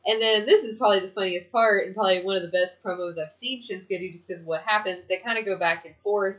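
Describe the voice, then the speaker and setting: A woman's voice: mid-range voice, fast. Swearing woman recapping wrestling, lo-fi. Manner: animated, swears, acts out wrestlers' lines. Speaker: podcast co-host. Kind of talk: casual wrestling recap chat. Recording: dull lo-fi recording.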